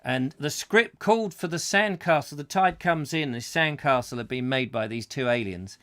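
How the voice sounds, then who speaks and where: A man's voice: medium pitch, normal speed, a bit bright. A man with a rambling, self-mocking manner, hosting a comic live chat show and full of fillers and asides.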